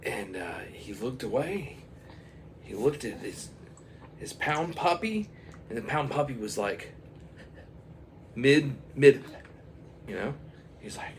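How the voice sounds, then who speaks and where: A man's voice: medium pitch, very animated, slow, pauses often, a little hiss or hum. A man telling a rambling comic story, full of sound effects and put-on voices. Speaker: comedic storyteller.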